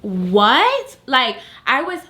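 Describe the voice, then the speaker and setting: A woman's voice: sits high, huge pitch swings, extremely slow, sharp tone. A young woman, the host's best friend, telling her side of a story in an emphatic, slangy way with some swearing. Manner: emphatic, slangy and profane, talks straight to viewers. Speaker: guest, best friend of the host. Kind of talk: casual storytime chat.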